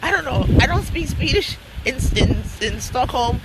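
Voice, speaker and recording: A woman's voice: high voice, lively intonation, moderate pace, heavy background noise. A woman telling a story in a casual vlog, chatty and slangy, laughing often. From United States. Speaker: vlogger.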